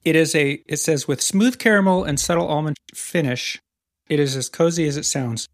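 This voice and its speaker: A man's voice: fairly high pitch, moderate pace, dry recording, studio quality. A man co-hosting a podcast in casual chat, teasing his friend and rambling playfully as he talks. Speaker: podcast co-host.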